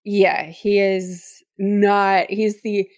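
A woman co-hosting a casual chat, making slow, wry remarks. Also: mid-range voice, level tone, a little mellow. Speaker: podcast co-host.

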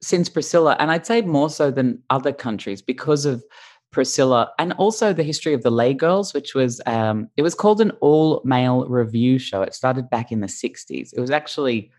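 An Australian-accented man speaks as a guest in a casual chat. His voice sits in a middle pitch. He explains things in an articulate, playful way. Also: lively intonation, normal speed, darkish tone.

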